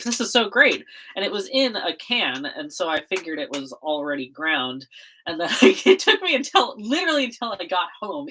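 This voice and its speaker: A woman's voice: deep voice, fairly bright tone, slight background noise, rough recording. A woman chatting casually on a livestream while she makes a zine, rambling with frequent laughs and self-corrections.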